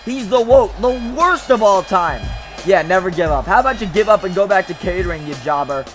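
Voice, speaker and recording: A young man calls a wrestling match like a hyped ring announcer, shouting much of the time in a high, bright voice. He trash-talks the wrestlers with excitable energy, and faint music plays underneath. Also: brisk. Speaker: play-by-play commentator. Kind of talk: hyped wrestling commentary over video game footage.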